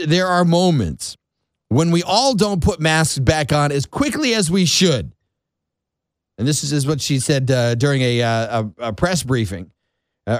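A man from Florida hosts a morning talk radio show, animated and sarcastic as he riffs on the news. His voice sits a little high and leaps up and down constantly. The studio sound is dry and close to the mic. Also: dry recording. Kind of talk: conservative talk radio monologue. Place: radio studio without a window. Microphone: studio microphone.

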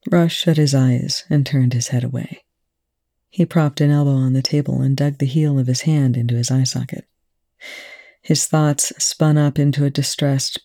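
A reader narrating a fan fiction chapter aloud in an even, unhurried way. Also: mid-range voice, vocal fry, no echo, studio quality. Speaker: audiobook reader.

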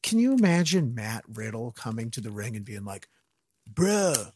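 A man's voice: medium pitch, sing-song, brisk, darkish tone, slight background noise. A man co-hosting a casual podcast, ranting about wrestling with profanity and mocking impressions. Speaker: podcast co-host.

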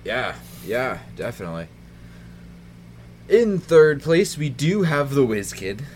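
Dude doing fantasy league updates, easygoing, laughs a lot, bit of noise in the background. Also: male voice, mid-range voice, very animated, takes it slowly, a little mellow. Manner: chatty, laughs easily, runs down standings. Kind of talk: casual podcast chat.

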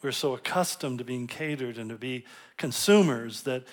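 A man's voice: mid-range voice, normal speed. Male pastor preaching, chatty storytelling sermon, little jokes, repeats words when he gets going. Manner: conversational storytelling with light humor; restarts and repeats words when building a point.

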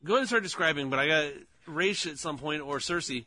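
A man's voice: fairly high pitch, fast talker, pushed and bright, no room sound. A man co-hosting a casual comic book chat, adding brief comments and facts. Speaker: podcast co-host.

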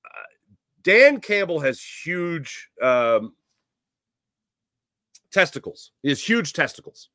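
Sports show host guy rambling and joking, bright voice, lots of uh's, dry close sound. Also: fairly high pitch, slow pace, pauses often, dry recording. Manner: animated, rambling, jokey, with many fillers. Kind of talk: casual sports commentary monologue.

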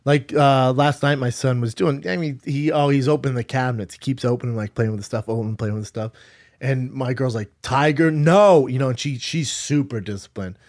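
A man's voice: medium pitch, steady tone, fairly quick, a little mellow. A man hosting a podcast in casual chat, telling loose, profane, jokey stories. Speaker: podcast host.

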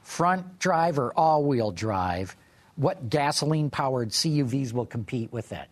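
A man interviewing a guest, briskly reading off a list of questions. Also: medium pitch, lively intonation.

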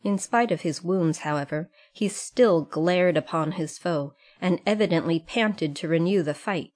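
A woman reading a classic novel aloud as an audiobook narrator. Her voice sits on the low side, calm and even as she tells the story. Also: measured pace. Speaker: audiobook reader. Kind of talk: scripted narration.

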